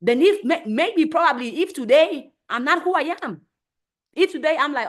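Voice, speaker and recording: A woman with a high voice hosts a motivational live stream. She talks emphatically, hammering home her points by repeating phrases. She often slips into acted voices when she quotes people. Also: animated, moderate pace.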